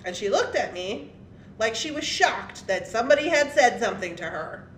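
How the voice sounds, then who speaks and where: Animated woman telling a story. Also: mid-range voice, moderate pace, slight background noise. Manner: animated and blunt, laughing often. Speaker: craft and jewelry channel host. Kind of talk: casual storytelling to viewers. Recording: echoey room with faint ambience.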